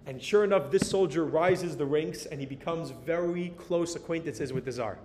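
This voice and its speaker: An American man telling a story in a sermon as a Torah teacher, animated and dropping in Hebrew and Yiddish words. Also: normal speed. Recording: reverberant hall with faint rumble.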